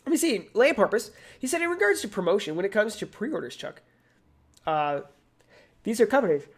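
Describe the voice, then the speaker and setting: A man's voice: sits high, big pitch swings, a little fast, slightly rough. A man co-hosting a casual live gaming chat, rambling with many fillers and restarts. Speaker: co-host.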